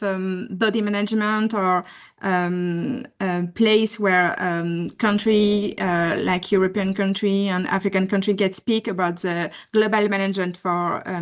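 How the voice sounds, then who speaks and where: A woman with a French accent asking a question on a video call, halting and searching for words. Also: medium pitch.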